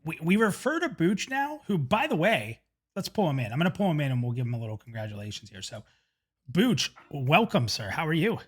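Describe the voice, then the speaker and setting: A man's voice: fairly high pitch, sing-song, a little fast, fairly bright tone, slightly rough. A man hosting a live community stream in casual chat, upbeat and chatty, often restarting sentences. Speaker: livestream host.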